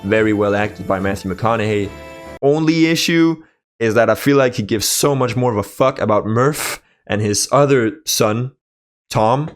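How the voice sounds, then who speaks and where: Give me a young man with a somewhat low voice, casually reviewing films in a blunt, cursing, sarcastic way. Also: moderate pace, soft background music. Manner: blunt and profane, with sarcastic asides. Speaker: movie reviewer. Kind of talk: casual spoken movie review.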